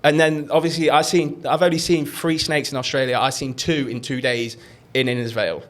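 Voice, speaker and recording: A man's voice: medium pitch, little pitch movement, moderate pace, a bit bright. A young man, rambling through travel stories in casual podcast chat and swearing freely. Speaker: podcast co-host.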